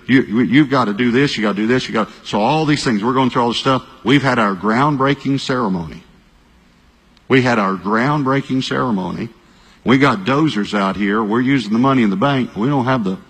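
Man preaching, low husky voice, hall echo, storytelling with loud outbursts. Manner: animated storytelling, bursts of shouting and quick repeated phrases. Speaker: pastor. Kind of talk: sermon. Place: large church hall. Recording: long reverb of a large hall.

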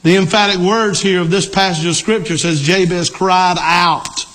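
A middle-aged male pastor preaching a sermon, emphatic, repeating key lines and rising to shouts. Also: sits high, steady tone, normal speed, hardly any pauses.

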